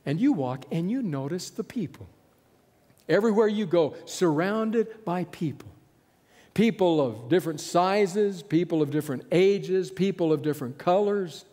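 A man's voice: sits high, warm tone, big-room sound. A man preaching a sermon as a pastor, telling a vivid story and chuckling often.

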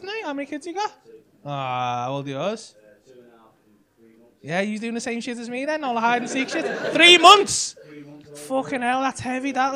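A man doing stand-up crowd work in a comedy club, teasing audience members with brash, sweary banter. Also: extremely high pitch. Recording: live club set with loud audience laughter.

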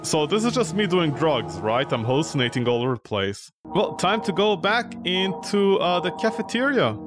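A man streaming a horror game, excitable and joking as he yelps at what happens on screen. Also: on the high side, normal speed. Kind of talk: let's play commentary. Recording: game music playing behind voice.

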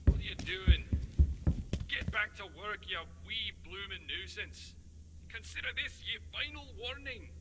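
A man's voice: high-pitched, animated, a little slow, long reverb tail, voice pushed up. A man putting on exaggerated mock British accents in a video game, hammy and jokey. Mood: mock tough. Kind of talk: game voice acting. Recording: loud background noise.

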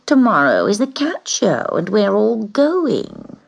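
A woman voicing a haughty female show cat in a storybook reading, speaking in a sneering, drawn-out, scornful way. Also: high-pitched, huge pitch swings, dark tone, pitched above the performer's own voice, heavily acted.

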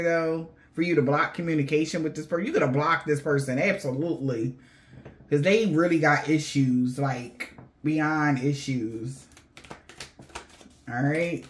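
A woman giving a casual tarot reading to her viewers, animated and slangy, swearing and laughing often. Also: low voice, a little hiss or hum. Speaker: tarot reader.

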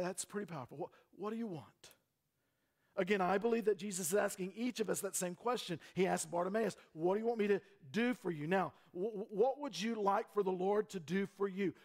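A man's voice: high voice, gravelly. A man preaching a sermon as pastor, earnest, with frequent repeated words and rhetorical questions.

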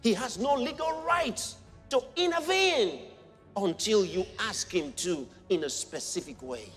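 A man's voice: high voice, animated, a little slow, a bit bright, long reverb tail, faint music behind. A man preaching a sermon, impassioned and acting out the voices he quotes.

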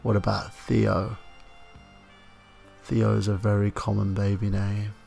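Creepy whispering man, as an English man puts it on: low, gravelly, menacing whispered role-play. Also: flat delivery, slow pace, warm tone, faint music behind, exaggerated voice.

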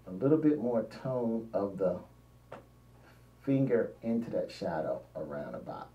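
A man's voice: mid-range voice, warm tone. A man narrating a painting demonstration, thinking aloud as he works and often trailing off mid-sentence. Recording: roomy, dull lo-fi sound, mic at a distance.

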